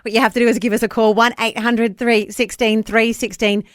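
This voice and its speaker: A woman's voice: on the high side, flat delivery, fairly quick, no room sound, clean studio sound. A woman hosting a breakfast radio show with bubbly, laugh-filled banter. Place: radio studio.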